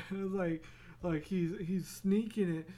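Podcast host, casual solo chat, rambling, laughs a lot, restarts words, slow pace. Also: mid-range voice, fairly even intonation, dark tone. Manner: rambling, laughs often, restarts words, acts out quick silly voices.

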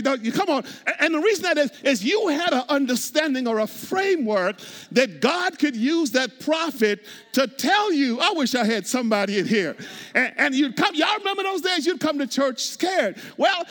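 A man preaching a sermon as pastor, repeating words, calling out to the congregation and breaking into sung and shouted phrases. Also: very high voice, lively intonation, moderate pace. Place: church sanctuary. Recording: long hall reverb.

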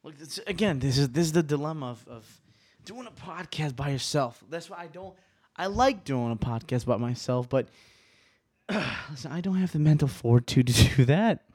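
A man's voice: fairly high pitch, expressive, moderate pace, husky, no room sound, studio quality. Profane, rambling young man podcasting solo. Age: 20s. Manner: profane, rambling, restarts often; swings between quiet musing and riled-up rants.

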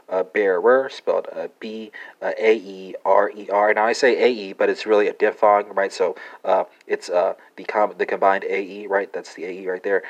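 A man's voice: on the low side, rough recording. A man hosting a language lesson podcast, talking hesitantly with many fillers and spelling words out letter by letter.

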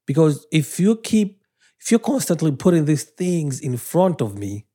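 A man's voice: a little high, sing-song, a little slow, warm tone, breathy edge. Earnest man preaching. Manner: earnest, preachy, emphatic with restarts. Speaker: podcast host. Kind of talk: religious commentary.

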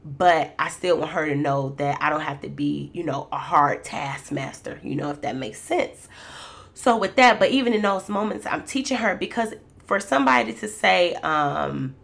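Chatty woman with a gravelly voice. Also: deep voice, expressive, moderate pace, a bit bright. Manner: chatty and candid, addresses listeners as "y'all". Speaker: mother sharing reflections. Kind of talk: casual faith-based talk.

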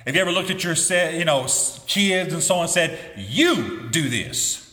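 A man's voice: high voice, fairly even intonation, quick pace, sharp tone. A middle-aged man preaching a sermon as pastor, with emphatic delivery that rises on key phrases. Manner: emphatic preaching with rising exclamations. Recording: echoey hall with long reverb.

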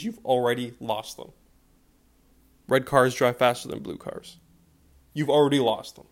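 A man's voice: on the high side, a little mellow. A man in his twenties hosting a podcast, ranting with emphatic, profane repetition. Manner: profane, repeating a refrain, emphatic. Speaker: podcast host. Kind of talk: fired-up podcast rant.

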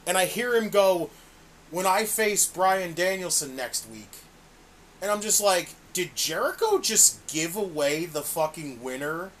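Man, high voice, casual profane rant, exasperated, faint background hiss. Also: fairly bright tone. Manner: ranting, exasperated, swears constantly. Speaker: podcast co-host reviewing wrestling.

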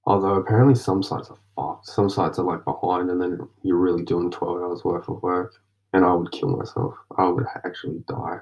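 Young Aussie guy, very low and flat, journaling aloud, rambly and slangy. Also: brisk, gravelly. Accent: Australian. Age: young adult. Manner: rambling, slangy, drifts into whispers. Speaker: vlogger journaling. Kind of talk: casual late-night monologue. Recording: dull lo-fi mic.

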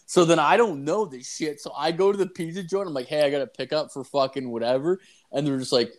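A man's voice: fairly high pitch, fairly quick. A man co-hosting a podcast, telling rambling anecdotes full of swearing in casual chat. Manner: profane rambling storytelling. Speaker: podcast co-host.

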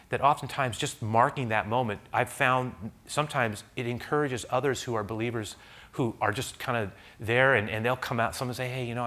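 A male pastor delivers a sermon as a rambling personal story. His voice is bright and clear at a middling pitch, conversational with restarts and fillers. At its peaks he climbs into loud, high-pitched preaching.

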